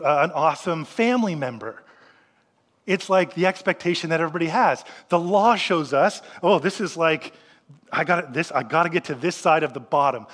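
A man's voice: fairly high pitch, fairly bright tone, long reverb tail. A man preaching a sermon to his congregation in a conversational way, asking rhetorical questions and voicing what his listeners might say. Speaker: pastor.

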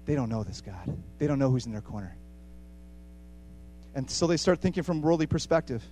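A man preaching a sermon with passion, repeating phrases for emphasis and swinging between hushed and loud. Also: medium pitch, animated, a little fast, a little hiss or hum.

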